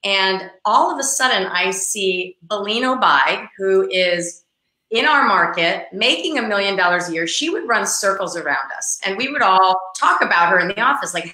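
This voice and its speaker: A middle-aged woman who works in real estate recounts a story for an interview, bringing its characters to life with lively impersonations. Her voice is medium-pitched and moderately paced, captured with a roomy echo.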